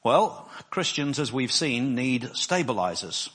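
Husky, rambling male preacher. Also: medium pitch, sing-song, takes it slowly, a bit bright. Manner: rambling, self-deprecating, frequent restarts. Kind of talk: sermon.

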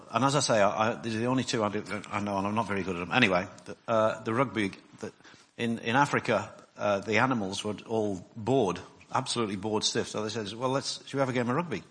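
A man preaching a sermon in a rambling, self-deprecating way, husky, with frequent restarts. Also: fairly low pitch, fairly bright tone.

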